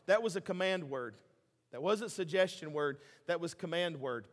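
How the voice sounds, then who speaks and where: A man preaching a sermon, passionate, swinging between loud emphasis and quiet, low asides. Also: brisk. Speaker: pastor. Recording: hall reverb.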